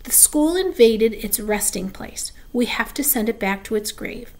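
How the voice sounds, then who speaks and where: A woman's voice: on the high side, lively intonation, measured pace. A woman voicing an imaginative, theatrical young schoolgirl with a mysterious air. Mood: earnest.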